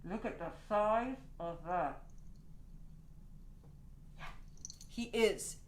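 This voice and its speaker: A middle-aged woman hosting her own home video show, chatty and swearing freely with animated asides. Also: mid-range voice, extremely slow, a little hiss or hum. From Wales. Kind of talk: casual home video chat. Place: home, indoors.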